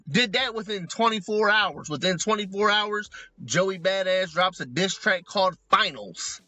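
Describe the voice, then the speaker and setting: A man co-hosting a comedy podcast, talking in an animated, profane, joking way. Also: fairly high pitch, no room sound. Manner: animated, profane, joking, does mock voices in asides. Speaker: podcast co-host. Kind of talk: casual comedic commentary. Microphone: remote recording, close mic.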